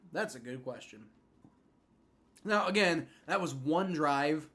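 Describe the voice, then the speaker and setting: A young man with a slightly high voice hosts a casual live stream, calling the game play by play. He rambles and restarts his sentences often, full of fillers, and jumps up with excitement when a big play happens. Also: takes it slowly, long pauses. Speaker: livestream host. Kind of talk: live fan reaction and play-by-play.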